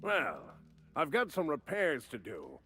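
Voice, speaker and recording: Booming, boastful ship captain. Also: male voice, huge pitch swings, a little slow, pushed and bright, soft background music, full character voice. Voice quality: booming announcer-like delivery. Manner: grandiose, old-fashioned phrasing.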